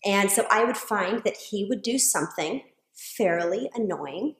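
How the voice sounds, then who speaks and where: A woman's voice: medium pitch, expressive, a little slow. A woman co-hosting a faith-based conversation, earnest and emphatic, telling on herself. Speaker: co-host. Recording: echoey room.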